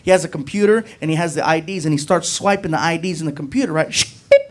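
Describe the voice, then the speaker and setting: A male stand-up comedian telling a long story on stage, animated and acting out every character with shifting voices. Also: a little high, rapid-fire. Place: comedy stage before a live audience. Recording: live show with crowd laughter and noise.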